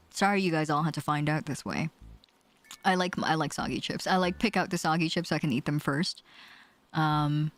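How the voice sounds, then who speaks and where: A woman streamer chatting casually on a livestream, giggling often, joking crudely and rambling with lots of fillers and restarts. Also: on the low side.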